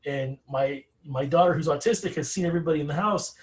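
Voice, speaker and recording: A man co-presenting a teacher webinar, speaking in a halting way with repeated words. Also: on the high side, poor audio.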